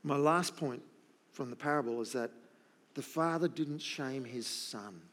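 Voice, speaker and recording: A man's voice: medium pitch, measured pace, a bit bright. A middle-aged man preaching a sermon, emphatic and repeating his key points. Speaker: pastor.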